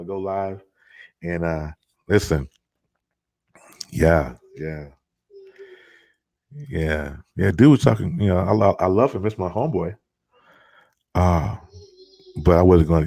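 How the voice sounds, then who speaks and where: Man, middle-aged, live-stream host, casual rambling talk, very deep voice, dry close sound. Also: a little mellow, no room sound. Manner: loose, conversational, many restarts and fillers. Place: at home, child heard nearby.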